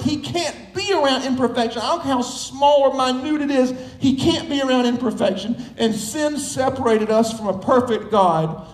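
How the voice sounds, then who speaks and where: A man's voice: extremely high pitch, reverberant, rough recording. A man preaching a sermon as pastor, emphatic and building through repetition.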